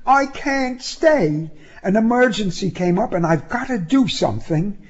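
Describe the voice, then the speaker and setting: A man reading a story, voicing an earnest, hurried young college woman in a brisk, apologetic way. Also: high voice, lively intonation, highs cut off, pitched above the performer's own voice.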